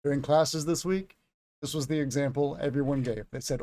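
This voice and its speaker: A man in his thirties leads a livestreamed English lesson, explaining each word in a chatty way with stories from his own life. His voice sits a little higher than most men's. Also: normal speed, mellow. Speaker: English teacher.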